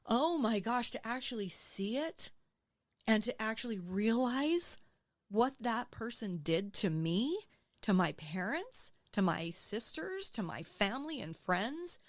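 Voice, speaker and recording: A woman in her sixties, a podcast guest, telling her own story in a candid, emotional, animated way and acting out what she said back then. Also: fairly high pitch, measured pace, dry recording, studio quality. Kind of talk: candid interview conversation. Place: podcast studio.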